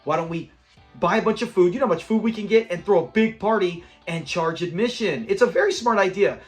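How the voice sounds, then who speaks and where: A man's voice: high voice, fairly quick, faint music behind. A man hosting an episode breakdown, talking enthusiastically and acting out quoted lines. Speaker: channel host.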